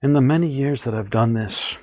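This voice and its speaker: A man's voice: medium pitch, fairly quick, highs cut off. A man giving an earnest, encouraging spiritual talk, often acting out what people say. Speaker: spiritual teacher.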